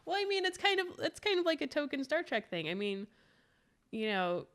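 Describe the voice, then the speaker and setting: A woman's voice: sits high, big pitch swings, fairly quick, fairly bright tone. A woman co-hosting a podcast in casual chat, with dry, teasing remarks. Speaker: podcast co-host.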